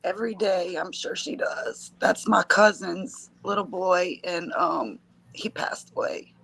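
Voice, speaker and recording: Husky, gravelly woman caller. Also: fairly low pitch, lively intonation, unhurried, fairly bright tone, low-quality recording. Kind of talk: casual chat on a live call.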